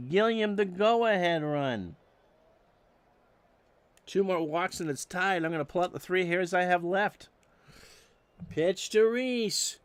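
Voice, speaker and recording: A man doing solo play-by-play of a simulated old baseball game, reading stats with dry jokes and getting loud on big plays. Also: sits high, clean tone, dry recording. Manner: dry joking asides between stats, erupts on big plays. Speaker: play-by-play announcer.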